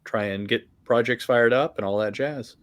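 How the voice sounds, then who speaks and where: A man on a podcast calmly explaining updates for his story website, with frequent fillers. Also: medium pitch, moderate pace. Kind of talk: casual chat.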